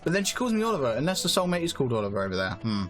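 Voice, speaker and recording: A man's voice: on the high side, sing-song, very fast, faint music behind. A man casually commenting on a game he is playing, musing and thinking aloud. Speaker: gamer streaming a playthrough.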